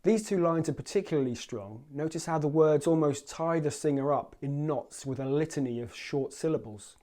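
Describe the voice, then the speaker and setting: A man hosting a poetry channel, giving scripted commentary on song lyrics and reciting them in a measured way. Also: on the high side, warm tone. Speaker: host.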